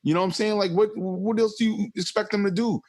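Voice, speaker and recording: A man's voice: high voice, steady tone, quick pace, a little mellow. A man in his thirties hosting a podcast, talking emphatically and swearing freely in casual conversation. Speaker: podcast host.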